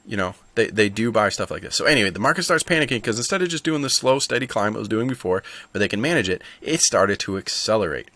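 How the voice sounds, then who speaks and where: A man's voice: lowish voice, a bit bright, no echo. A man hosting a stock market video, chatting casually and thinking aloud with asides. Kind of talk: casual market commentary to camera.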